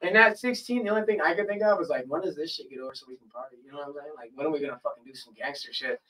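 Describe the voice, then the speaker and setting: A male podcast host, his voice a little high and his delivery rapid-fire, relates a long tale over casual chat, full of profanity and animated impressions of the people involved. He's recorded from a distance, slightly off-mic, in low quality.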